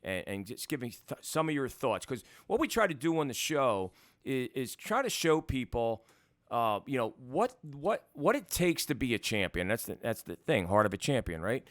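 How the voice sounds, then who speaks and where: Man, podcast host, smooth resonant voice, dry close sound. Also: mid-range voice, sing-song, fairly bright tone, no echo. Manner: friendly, halting questions with repeats. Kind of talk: interview questions.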